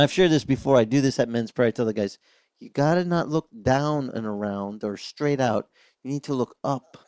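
An older man preaching a sermon as pastor, telling stories with lively acted-out voices. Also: mid-range voice, no echo, studio quality. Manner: animated storytelling, acting out voices of others.

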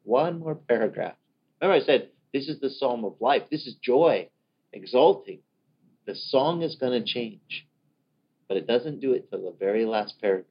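A man preaching a sermon in an animated way, acting out the voices of the people he quotes. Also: mid-range voice, moderate pace, slightly rough. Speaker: pastor. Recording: dull lo-fi recording.

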